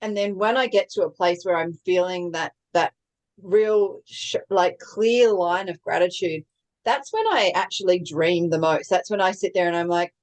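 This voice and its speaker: A young adult woman co-hosting a podcast, sharing thoughts in a calm, reflective, measured way. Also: fairly low pitch, low-quality recording. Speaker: podcast co-host. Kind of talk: casual chat, reflective sharing.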